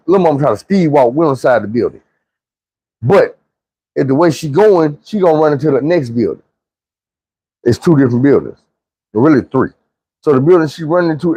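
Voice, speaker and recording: A man's voice: a little high, mellow, no echo, rough recording. A man telling a story in a casual, profane, slangy monologue, rambling loosely with frequent restarts.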